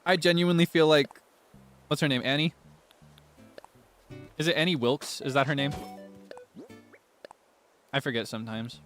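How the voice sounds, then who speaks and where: A man's voice: on the high side, moderate pace, long pauses, fairly bright tone, faint music behind. A man chatting casually to viewers while livestreaming a game, playful and teasing, with sudden melodramatic outbursts. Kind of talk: casual gaming livestream chat.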